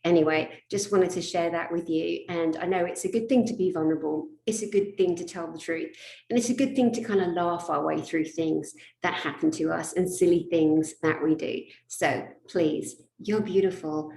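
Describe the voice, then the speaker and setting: A woman and spiritual therapist telling a humorous personal story, animated, laughing often and swearing casually. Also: lowish voice, moderate pace. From England. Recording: echoey room.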